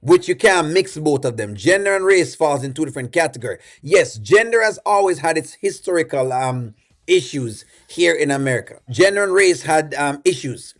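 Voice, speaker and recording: A man with a Jamaican accent talks through a reaction video, opinionated and loose, with plenty of "you know" and "um". His voice sits a little higher than most men's. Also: animated, moderate pace, fairly bright tone. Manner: rambling, opinionated, many fillers. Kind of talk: casual commentary.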